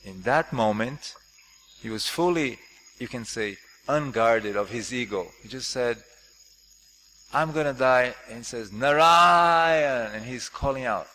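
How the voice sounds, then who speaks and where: Lively man lecturing in an echoey hall. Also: mid-range voice, moderate pace. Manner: lively, jokey questioning of audience. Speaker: class speaker. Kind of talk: scripture class lecture. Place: temple hall. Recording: echoey hall with faint noise.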